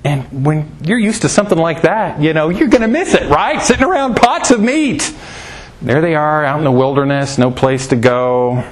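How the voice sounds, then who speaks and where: A man giving a conversational Bible teaching, animated, asking rhetorical questions and swinging his voice up for emphasis, with folksy asides. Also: fairly high pitch, moderate pace, hardly any pauses. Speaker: preacher.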